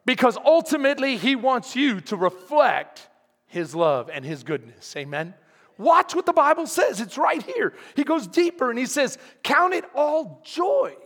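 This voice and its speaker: Man, pastor, very high voice, emphatic sermon, calls out to the congregation, long reverberant hall. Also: big pitch swings, normal speed, a bit bright.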